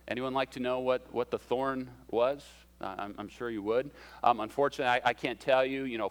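A man gives a conversational sermon, his voice sitting at a middle pitch. He shifts his pace and emphasis as he preaches and slips in self-deprecating humor. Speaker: pastor.

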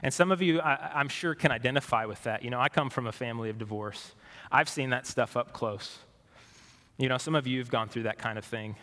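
A man preaching a sermon as pastor, conversational and questioning, moving between animated and hushed delivery. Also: medium pitch, brisk, big-room sound.

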